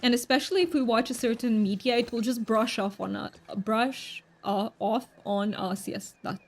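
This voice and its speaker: A woman's voice: on the high side, moderate pace. A woman whose first languages are Romanian and Hungarian, chatting casually on a game stream and answering chat aloud.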